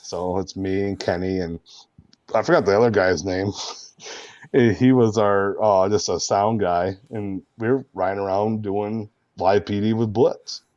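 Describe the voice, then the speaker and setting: A man with a very deep voice tells animated stories in a casual interview, laughing often and leaning on fillers. The sound is dry and close. The recording is dull and lo-fi. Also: unhurried, no echo. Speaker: guest, roleplay streamer.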